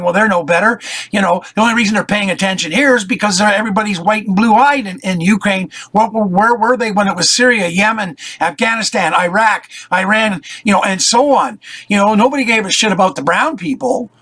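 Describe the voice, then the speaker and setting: A middle-aged man giving a blunt, unscripted political rant, swearing often and filling pauses with "uh" and "you know". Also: high-pitched, sharp tone. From Canada or the US. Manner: blunt, swearing, many fillers. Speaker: political commentary vlogger.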